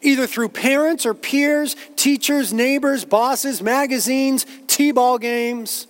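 Speaking slowly in a very high-pitched voice, a man preaches as a pastor, and the sound is big and roomy. He is earnest, using repetition and quotations to build his point.

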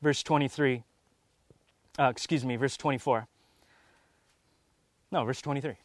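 A man's voice: mid-range voice, steady tone, measured pace, long pauses, no echo, clean studio sound. A man teaching the Bible, reading verses aloud and then stopping to explain them.

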